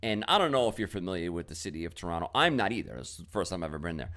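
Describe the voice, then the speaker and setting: A man's voice: low-pitched, very animated, racing, a bit bright. A middle-aged man telling a story with many fillers and quoted exchanges, giving a casual motivational talk to camera as a business coach.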